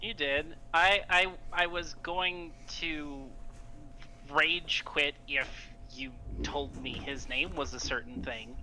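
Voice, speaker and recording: A man's voice: a little high, fairly even intonation, slow pace, pushed and bright, slight background noise, rough recording. A man playing in a tabletop game, chatting in a joking, emphatic way. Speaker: player. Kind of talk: casual chat.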